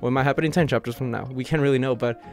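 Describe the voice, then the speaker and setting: Guy doing a rambling fan review, mid-pitched, eager, faint music underneath. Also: fairly even intonation, rapid-fire. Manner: enthusiastic, rambling, heavy use of "you know" and "like". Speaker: manga reviewer. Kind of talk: casual chapter review.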